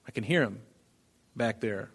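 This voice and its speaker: A man's voice: on the low side, animated, unhurried, breathy edge, full character voice. A man voicing a stern old prophet who speaks bluntly. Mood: incredulous. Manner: blunt, incredulous.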